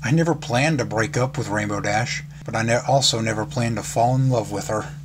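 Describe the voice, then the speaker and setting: A man's voice: medium pitch, a little fast. A man reads a fan fiction story aloud in a casual way, with small slips and restarts. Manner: casual reading with slips and laughs. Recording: background noise.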